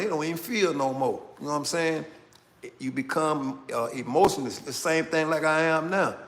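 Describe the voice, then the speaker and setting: A middle-aged man hosting his channel, talking in a slow, casual street style and tagging phrases with "man" and "right?". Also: fairly high pitch, a bit bright. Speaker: channel host. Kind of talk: casual commentary monologue.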